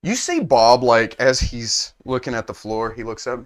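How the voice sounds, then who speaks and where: A man narrating a tabletop game as game master in a relaxed, descriptive style. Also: medium pitch, normal speed.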